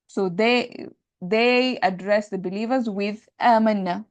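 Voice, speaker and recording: Woman teacher going over arabic grammar, gravelly voice, dry close sound, keeps checking "right?". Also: mid-range voice, darkish tone, no echo. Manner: explains patiently, repeats terms, checks understanding with "right?"; switches between English and Arabic grammar terms. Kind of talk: lecture on Arabic sentence parsing.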